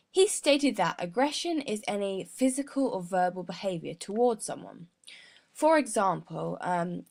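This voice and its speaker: A young woman as a sports psychologist guest, giving an earnest prepared explanation with frequent mid-word restarts. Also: medium pitch. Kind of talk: prepared explanation in a mock interview.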